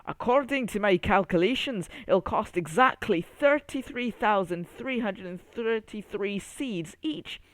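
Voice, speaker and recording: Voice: medium pitch, animated, unhurried, hardly any pauses, fairly bright tone, no room sound, pitched above the performer's own voice. A storyteller voicing a wealthy male berry banker with a Scottish accent, jolly and a little boastful. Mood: cheerful.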